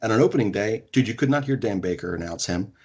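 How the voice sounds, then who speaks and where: Husky low-voiced man hosting a sports chat. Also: fast. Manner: excited, emphatic, casually profane. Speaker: podcast host.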